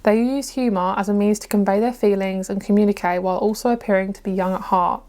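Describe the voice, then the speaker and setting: A woman's voice: medium pitch, steady tone, fast talker, darkish tone. A woman giving a pick-a-card tarot reading to her viewers, chatty and encouraging, often stumbling over hard words. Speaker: tarot reader.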